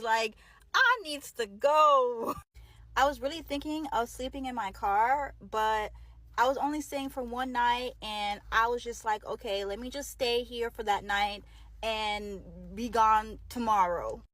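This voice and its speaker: Young woman, high voice, slangy laid-back storyteller. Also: fairly bright tone, dry recording. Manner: casual, slangy, laughs while telling. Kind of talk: casual storytelling.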